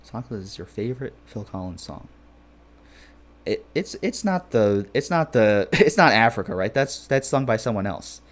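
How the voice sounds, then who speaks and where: A man's voice: fairly low pitch, lively intonation, moderate pace. A young man streaming a game, chatting casually, joking and rambling as he reads chat messages aloud.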